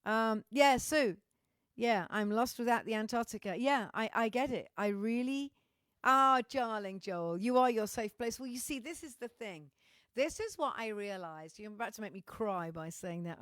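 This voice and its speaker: A middle-aged Welsh musician hosts a livestream, chatting candidly and casually to live viewers in a slightly high, lively, somewhat bright voice at normal speed. She swears freely and often restarts her sentences, and the recording is dry and studio quality.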